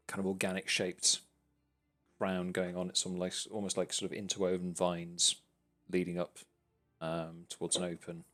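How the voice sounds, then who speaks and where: A man narrating a tabletop game as game master, pausing often with hesitant fillers. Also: low-pitched, fairly bright tone. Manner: hesitant, filler-heavy descriptions.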